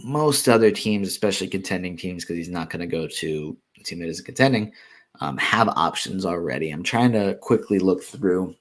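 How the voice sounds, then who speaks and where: A man's voice: sits low, lively intonation, normal speed. A man answering viewer questions in a casual Q&A, thinking aloud with frequent ums, restarts and self-corrections. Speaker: fantasy basketball analyst answering viewer questions. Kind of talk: casual live Q&A.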